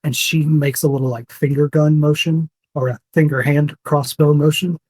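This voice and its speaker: A man's voice: on the high side, fairly even intonation, normal speed, a little mellow, breathy edge. A young man running a tabletop game as game master, narrating casually with fillers.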